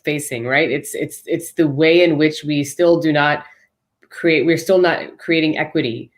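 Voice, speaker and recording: A woman's voice: sits low, fairly even intonation, measured pace. A woman speaking as a panel guest, earnest and articulate, building long arguments. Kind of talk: live panel discussion.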